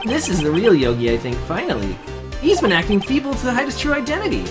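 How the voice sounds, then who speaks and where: A man voicing an excitable young female sidekick in a high, quick voice. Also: music in the background. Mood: excited.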